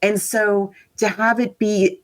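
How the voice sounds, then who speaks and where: A woman co-hosting a podcast, chatting casually and animatedly with quick asides. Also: medium pitch, fairly even intonation, slight background noise. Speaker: podcast co-host. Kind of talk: casual chat.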